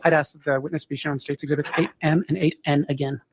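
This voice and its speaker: A prosecutor questioning a witness in court in a formal, procedural manner. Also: male voice, a little high, flat delivery, fast.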